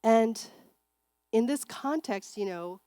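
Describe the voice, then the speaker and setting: A woman's voice: on the high side, lively intonation, slow, dark tone, smooth, no room sound. A woman, a clinical psychologist, speaking at a church seminar and telling a personal story in a conversational way with frequent filler words.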